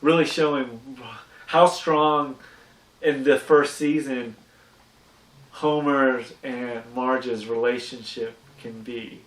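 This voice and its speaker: A man's voice: mid-range voice, fairly even intonation, slow, fairly bright tone. A man on a podcast casually recapping a cartoon episode, rambling with many restarts. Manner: rambling, restarts a lot, acts out character quotes. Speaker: podcast co-host. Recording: echoey room, mic at a distance.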